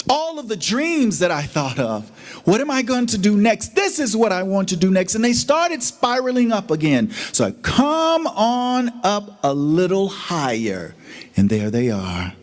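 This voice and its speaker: A middle-aged man giving an inspirational sermon as a guest speaker, telling his story dramatically and acting out the voices in it. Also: sits high.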